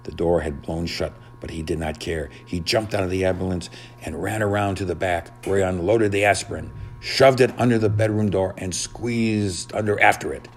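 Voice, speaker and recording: A man narrating a children's storybook in a dramatic, expressive reading. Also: low-pitched, moderate pace, soft background music.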